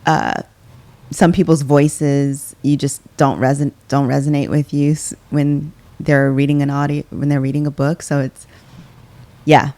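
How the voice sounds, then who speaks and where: Woman, podcast co-host, very low voice, rambling casual talk. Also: unhurried, dark tone, no room sound. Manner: rambling, restarts sentences. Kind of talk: casual chat.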